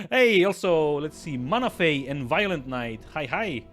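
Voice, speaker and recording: A man's voice: on the high side, fairly bright tone. A man streaming a game live at his desk, chatting casually with viewers in a rambling way, with stammering restarts and frequent chuckles. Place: at his desk with two screens.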